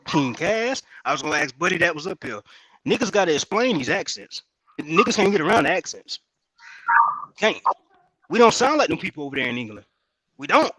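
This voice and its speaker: A man with a South Carolina accent in casual podcast chat, animated, swearing freely and often restarting his sentences. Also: a little high, a little fast, long pauses, no echo, poor audio.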